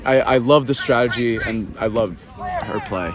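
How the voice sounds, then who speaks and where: A man giving relaxed, chatty color commentary on a live game outdoors, praising the players. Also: mid-range voice, a little slow. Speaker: sports commentator. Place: outdoors at a sports field. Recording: loud crowd noise outdoors.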